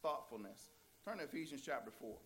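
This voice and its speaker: A pastor preaching to his congregation in a folksy, storytelling manner. His voice sits at a middle pitch, and he jumps into animated bursts when the story gets lively. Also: brisk, slight background noise. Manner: folksy, many fillers and restarts. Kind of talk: sermon with storytelling.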